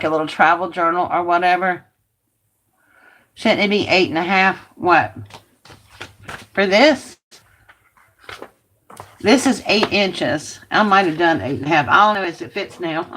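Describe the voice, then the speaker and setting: A woman with a fairly low voice hosts a relaxed craft chat, talking to her viewers and to herself as she works. She grumbles in an easygoing way, and a faint hiss sits under her voice. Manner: chatty, talks to herself while working, grumbles. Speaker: craft video host.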